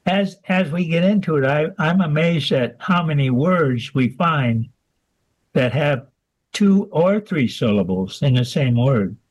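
Man, fairly high voice, easygoing halting chat. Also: expressive, poor audio. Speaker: haiku group member. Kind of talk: casual group chat.

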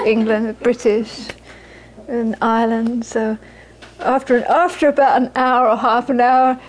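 Captured on a low-quality recording, a middle-aged woman with a fairly high-pitched voice teaches Buddhism to an audience. Her informal dharma talk is chatty, with phrases repeated for emphasis and plenty of laughter.

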